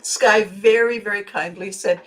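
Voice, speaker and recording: A woman's voice: medium pitch, steady tone, a little slow, low-quality recording. Chatty woman host who laughs easily. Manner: chatty, laughs often, restarts sentences. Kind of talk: casual livestream chat.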